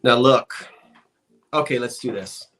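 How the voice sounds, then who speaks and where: A man's voice: mid-range voice, a little slow, a bit bright, slight background noise. A man hosting a live online auction of antiques, playful and chatty, joking as he counts down bids.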